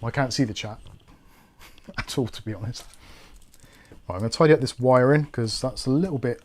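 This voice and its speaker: A man's voice: mid-range voice, normal speed. A man with a Bristolian accent hosting a livestream, chatting casually and thinking aloud while he builds a PC.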